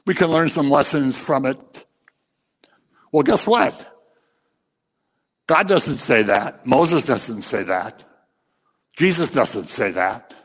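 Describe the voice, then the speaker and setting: An impassioned male preacher delivering a sermon, scolding his listeners and acting out little scenes. His pitch swoops up and down with great animation. The voice rings out with a long reverb in a large hall. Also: fairly bright tone.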